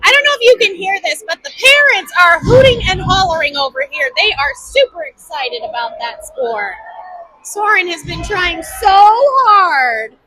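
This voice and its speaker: A woman with a very high, bright voice calls a youth hockey game like a seasoned announcer, fond and excitable. She breaks into shouts whenever a shot goes in. Faint arena noise hums behind her in the indoor rink. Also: unhurried, rough recording. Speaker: amateur play-by-play commentator. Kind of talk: homemade live sports commentary.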